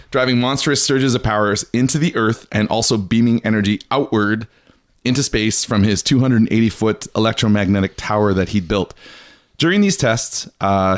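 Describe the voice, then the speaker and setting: Chatty man hosting a podcast. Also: fairly low pitch. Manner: chatty, laughing, acts out the people he talks about. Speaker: podcast host. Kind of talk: casual podcast chat.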